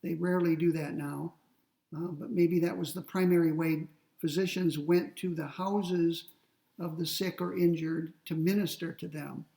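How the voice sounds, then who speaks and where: A man lecturing on ethics, explaining step by step in a deliberate way and slowing down to read quoted passages. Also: a little high, fairly even intonation, gravelly, warm tone, far from the mic, poor audio. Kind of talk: classroom lecture.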